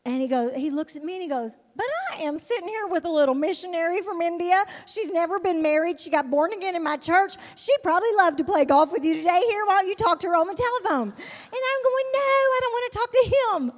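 A woman from Alabama telling a lively testimony as a missionary, laughing often and acting out the people she quotes. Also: very high voice, fast. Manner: animated, laughs often, acts out quoted voices. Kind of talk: storytelling testimony to an audience. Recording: long hall reverb.

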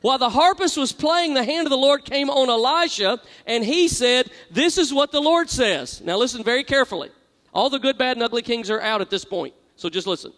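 High-voiced preacher in an echoing hall. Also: male voice, animated, brisk, a bit bright. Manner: call-and-response with congregation, reads scripture aloud. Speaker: pastor. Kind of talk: sermon. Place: large church hall. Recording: long hall reverb.

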